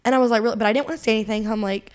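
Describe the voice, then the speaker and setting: Young woman, podcast co-host, quick and high, chatty and rambling. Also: clean tone. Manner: rambling storytelling full of "like" fillers and laughs. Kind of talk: casual chat.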